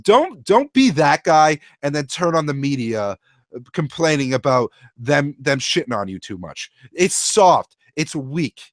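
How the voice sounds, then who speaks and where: Young male co-host, opinionated, rambling, slightly high voice, dry mic. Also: sing-song, a little slow, dry recording. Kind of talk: casual sports talk.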